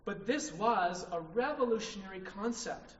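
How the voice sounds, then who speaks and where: A man's voice: high-pitched, animated, moderate pace, slight background noise. A man preaching a sermon, emphatic, often checking in with the congregation by asking "right?". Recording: distant, echoey hall, dull sound.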